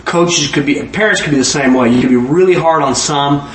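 A man preaching a sermon in an animated way, acting out dialogue in voices and laughing often. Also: fairly high pitch, fairly quick, a little hiss or hum. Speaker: pastor. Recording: echoey room with faint ambience.

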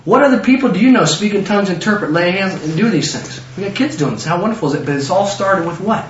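Lively male preacher, high pitch, plays the scripture figures in voices; dull lo-fi distant room recording. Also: fast talker, slight background noise. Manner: animated, acts out biblical figures in excited voices. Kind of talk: sermon. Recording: roomy, distant, dull lo-fi sound.

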